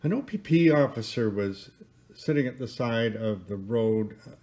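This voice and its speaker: A man telling a long joke in a casual, halting way. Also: mid-range voice, expressive, dark tone. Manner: hesitant, with fillers and restarts. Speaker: church member telling a joke.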